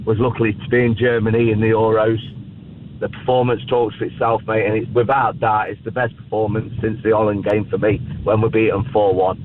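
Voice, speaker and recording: A man's voice: fairly low pitch, level tone, fairly quick. A man phoning in to a radio show, emotional and heartfelt, saying "mate" constantly. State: emotional, close to upset. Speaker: caller. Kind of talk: phone-in call. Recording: tinny phone line with faint noise.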